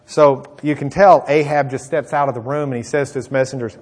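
A man preaching a sermon, retelling a Bible story in a lively way and acting out the characters' lines. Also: mid-range voice, a little fast, hardly any pauses.

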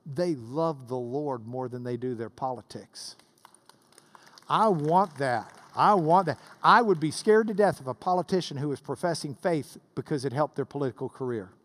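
A man, preaching to a class. His voice sits fairly high for a man. He moves between relaxed, joking storytelling and rising bursts of fervor. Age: 50s. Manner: storytelling with swells of rising intensity. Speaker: pastor. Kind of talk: sermon.

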